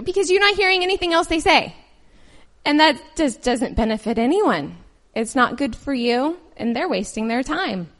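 A woman's voice: fairly high pitch, animated, moderate pace, fairly bright tone. Woman, sermon, scripture reading, earnest, conversational, personal stories. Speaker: lay preacher.

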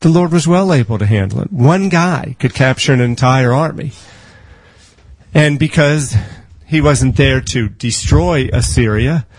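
A man delivering a sermon in a conversational, storytelling way, acting out the voices of people in his stories. He speeds through memorized scripture passages. His voice is of middle pitch and sounds dry, with little room echo. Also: husky. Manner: quotes scripture in quick bursts. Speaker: preacher.

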